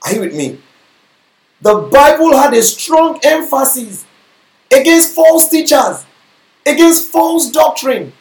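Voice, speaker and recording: A man's voice: very high voice, very animated, slow, pauses often. Man preaching in an echoey hall. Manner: preaching with call-and-response questions to the congregation. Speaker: pastor. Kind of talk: sermon. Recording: echoey room.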